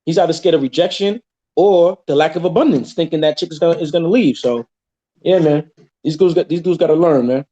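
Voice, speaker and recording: A man talking in a casual chat, animated and acting out other people's voices in his stories. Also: fairly high pitch, a little fast. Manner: animated, acts out quoted voices. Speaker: podcast guest. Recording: dull lo-fi sound.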